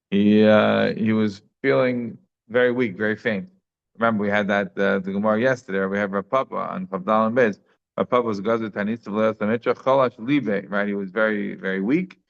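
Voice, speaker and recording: A man's voice: fairly low pitch, vocal fry. A man giving a daily Talmud class in a conversational way, thinking aloud with frequent restarts. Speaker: Talmud teacher. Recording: slightly dull lo-fi sound.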